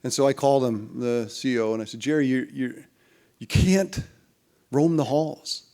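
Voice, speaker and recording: A middle-aged man being interviewed, spinning long business anecdotes. He rambles through restarts and fillers and jumps into lively voices for the people in his stories. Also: mid-range voice, normal speed. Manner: animated anecdotes, acts out other people's lines. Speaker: interview guest.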